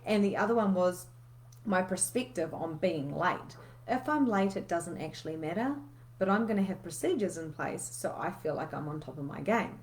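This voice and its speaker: A woman's voice: on the low side, animated, normal speed, a little hiss or hum. A woman, coaching in a casual, candid live session where she swears freely and reads out viewer comments.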